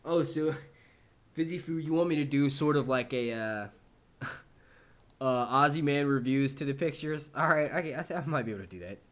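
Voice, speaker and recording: A man's voice: fairly high pitch, moderate pace, fairly bright tone. A man answering viewer questions on a live stream in a casual, rambling and profane way.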